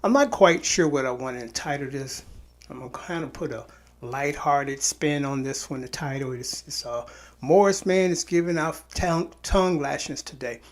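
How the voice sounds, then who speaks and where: A man with a voice on the high side speaks at a moderate pace. Tired from little sleep, he addresses buyers directly on his own channel as an online seller, rambling and repeating or restarting his words in a casual vlog to camera.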